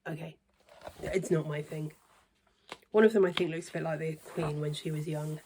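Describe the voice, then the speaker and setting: A woman reviewing cross stitch books in a casual, hesitant way, trailing into quiet near-whispered asides. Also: on the low side, moderate pace, slight background noise. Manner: chatty, hesitant with many ums, softens to near-whisper asides. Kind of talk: casual show-and-tell review.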